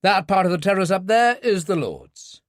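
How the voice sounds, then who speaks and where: An unflappable old brigadier, as a male narrator puts him on, clipped and in command. His voice rides high and lively, recorded close and dry. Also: moderate pace, no echo. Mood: brisk. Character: brisk older British male brigadier, unflappable.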